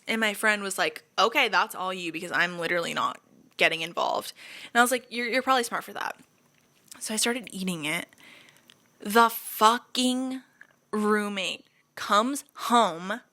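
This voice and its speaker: A young woman hosting a casual podcast, telling college roommate stories in a chatty, animated way, swearing freely and acting out quoted lines. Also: medium pitch. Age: young adult. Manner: acts out quoted lines with voices. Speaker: podcast host. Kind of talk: casual storytelling chat.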